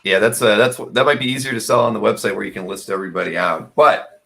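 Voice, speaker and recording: A man's voice: fairly low pitch, quick pace, vocal fry, a crowd in the background. A middle-aged man hosting a live sales show, joking and self-mocking, with lots of fillers. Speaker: host.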